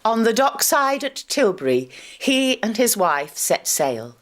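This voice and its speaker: A woman narrating a local history documentary in a measured, storytelling way. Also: fairly high pitch, very animated.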